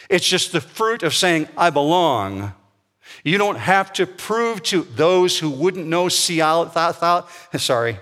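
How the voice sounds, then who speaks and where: A man's voice: mid-range voice, a bit bright. A man preaching a sermon as pastor, blunt and emphatic in a conversational way. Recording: long hall reverb.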